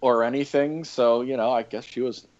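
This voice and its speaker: A darkish, medium-pitched voice with fairly even intonation and normal speed belongs to a podcast guest. Once a historic fort coordinator and EMT, he tells loose, rambling stories about past jobs during a casual interview, full of fillers and laughter, recorded as dull lo-fi remote audio.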